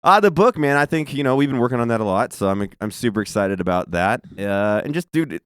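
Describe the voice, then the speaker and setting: A man's voice: medium pitch, lively intonation, fast, fairly bright tone, smooth, no room sound, studio quality. A man in his thirties on a podcast, telling a story casually, with lots of swearing and laughter. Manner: profane storytelling, laughs often. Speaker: podcast co-host. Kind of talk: casual chat.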